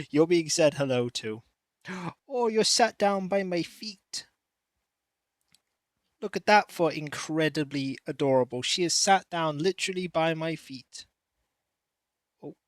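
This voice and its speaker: A man's voice: on the high side, dry recording. A man streaming from home, chatting casually with viewers and cooing at his cat. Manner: chatty, coos and baby-talks to his cat. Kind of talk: casual pre-stream chat.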